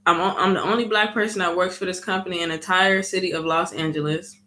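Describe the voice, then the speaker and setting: Woman vlogger, casual storytime, animated, bright tone, acts out quotes. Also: on the low side, fast talker. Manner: animated storytelling, frequent "you know what I mean".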